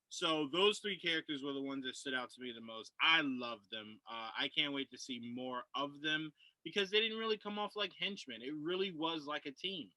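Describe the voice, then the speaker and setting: A man's voice: a little high, normal speed, few pauses, pushed and bright, no room sound, low-quality recording. A man co-hosting a casual podcast film review, enthusiastic and repeating himself as he talks.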